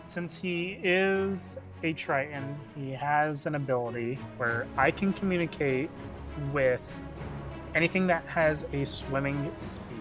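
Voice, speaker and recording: A man's voice: a little high, unhurried, over music. A man playing a tabletop game, talking hesitantly and laughing with the group. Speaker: player.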